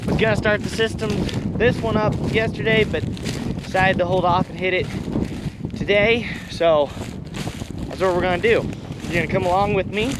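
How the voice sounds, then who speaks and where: A high-voiced man from Kansas talks viewers through his farm chores in a relaxed vlog manner, a little out of breath as he walks. Strong wind noise batters the camera mic outdoors. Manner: relaxed, talks to viewers while walking a field. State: out of breath with hiccups. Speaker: farmer vlogger. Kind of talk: casual vlog narration while working. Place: outdoors on a windy farm field.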